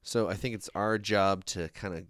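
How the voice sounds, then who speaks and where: A man hosts a casual podcast chat with a smooth, clean voice that sits a little low. He repeats words as he works his thoughts out. The recording is dry and close. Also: moderate pace, no echo. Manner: relaxed, repeats words while thinking. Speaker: podcast host.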